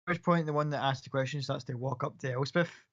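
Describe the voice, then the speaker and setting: A man's voice: mid-range voice, fairly even intonation, fast talker, a bit bright. Guy gm narrating the scene, rambly, lots of "kinda" and "like", muffled lo-fi mic. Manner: loose, rambling descriptions with many fillers. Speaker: game master. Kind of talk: narrating a tabletop game. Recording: dull lo-fi audio.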